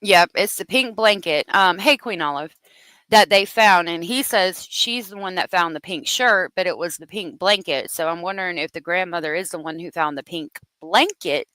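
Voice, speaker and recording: A woman's voice: lowish voice, moderate pace, a bit bright, no echo. A woman hosting a casual true-crime commentary, chatty and thinking aloud as she works through the details. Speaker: host.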